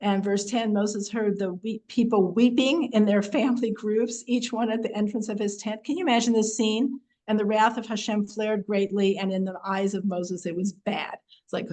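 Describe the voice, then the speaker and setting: A middle-aged woman teaching a casual Torah class, chatty and expressive, acting out the verses with humor. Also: mid-range voice, moderate pace, rough recording.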